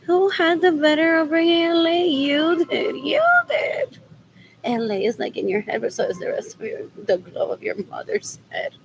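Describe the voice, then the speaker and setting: A woman from Puerto Rico rambles through a personal vlog while running errands, her high voice fairly quick, with vocal fry and hardly any pauses. She switches between English and Spanish and keeps saying "what else." The low-quality recording has slight background noise.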